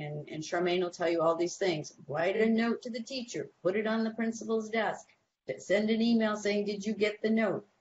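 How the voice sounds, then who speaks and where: A woman's voice: on the low side, highs cut off, slight background noise. A woman giving practical advice to parents on a talk show, telling stories and acting out the people she quotes. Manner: animated storytelling, acts out quoted people. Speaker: guest behavior expert.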